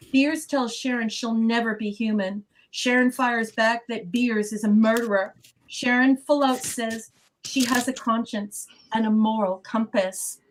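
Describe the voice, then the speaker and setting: Effusive woman podcast panelist. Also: on the high side. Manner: effusive, reads out listener comments. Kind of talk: casual podcast discussion.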